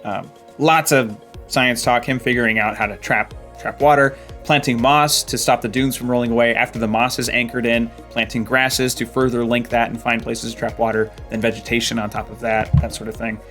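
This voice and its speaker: A man's voice: mid-range voice, little pitch movement, a little fast, a bit bright, faint music behind. A man hosting a casual book club chat, summarizing chapters and reading passages aloud, with frequent ums and likes. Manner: chatty, reads quotes aloud with playful voices, frequent ums.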